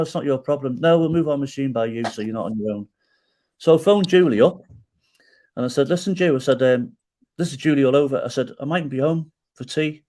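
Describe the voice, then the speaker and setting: An animated middle-aged man with a mid-range voice tells a story as a guest in a podcast interview. He acts out quoted dialogue and tags his lines with "right?".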